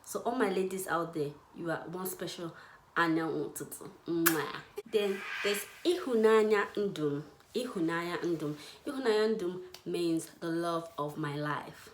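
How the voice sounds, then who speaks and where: A young woman teaching Igbo words in a casual, playful way, laughing often and repeating words slowly. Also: on the low side, reverberant, background noise. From Nigeria, Igbo. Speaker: language teacher. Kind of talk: casual language lesson.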